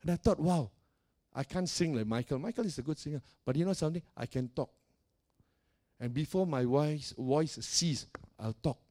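A man's voice: on the high side, normal speed, warm tone. A male pastor preaching a sermon, emphatic and repetitive, putting direct questions to his congregation.

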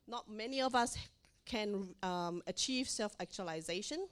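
Woman, from Asia, middle-aged, motivational talk, animated, mid-pitched voice. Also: measured pace. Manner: animated, acts out quoted dialogue in a higher voice. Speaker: parenting speaker.

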